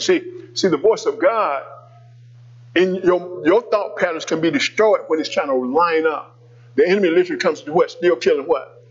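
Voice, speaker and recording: Male pastor, sermon storytelling, husky, higher voice, dull lo-fi recording. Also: normal speed. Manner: conversational preaching with call-outs to the congregation.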